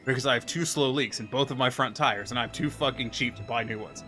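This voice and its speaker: A man streaming, telling a story as a profane, animated rant in casual talk. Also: medium pitch, brisk, soft background music.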